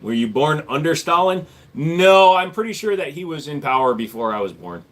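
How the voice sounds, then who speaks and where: Answering questions from chat on his casual livestream, this man in his forties, born in Korea, is blunt and sarcastic. He speaks fairly quickly, with a voice on the high side and big swings in pitch.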